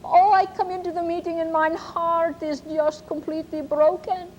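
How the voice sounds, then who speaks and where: A woman's voice: extremely high pitch, level tone, moderate pace, a little mellow, big-room sound, highs cut off, a little hiss or hum, pitched above the performer's own voice. A woman voicing a tearful elderly German pensioner who speaks broken English with a German accent. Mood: tearful, grateful.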